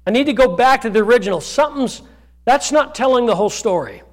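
A male pastor preaching a sermon to his church, breaking into shouts and then dropping to quieter scripture reading. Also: extremely high pitch, expressive, fast talker.

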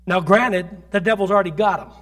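A pastor preaching a sermon in a notably high male voice. He tells stories from his ministry with emphatic delivery, pressing his points hard and swelling to loud peaks. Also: fairly quick. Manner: storytelling, recounting ministry experiences.

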